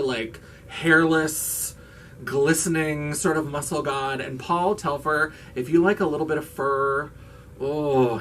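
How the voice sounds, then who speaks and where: A man's voice: fairly high pitch, fairly bright tone, recorded from a distance, a little hiss or hum. A man hosting his own vlog in casual chat, gushing and campy, swearing freely as he raves. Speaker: vlogger host.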